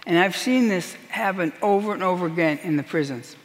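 A woman's voice: on the low side, brisk. Earnest woman minister, emphatic sermon testimony, long hall reverb. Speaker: prison minister.

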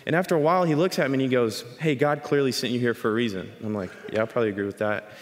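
A man giving a sermon, explaining scripture and telling a story in an animated way. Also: medium pitch, quick pace. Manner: animated storytelling, acts out quoted voices. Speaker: speaker teaching scripture. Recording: long hall reverb.

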